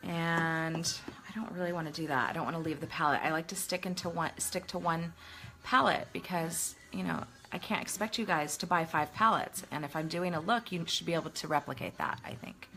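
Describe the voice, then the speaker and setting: This middle-aged makeup vlogger has a low, bright voice with a forceful tone and speaks a little fast. She chats casually while doing her makeup tutorial, talking as she works and making fun of herself.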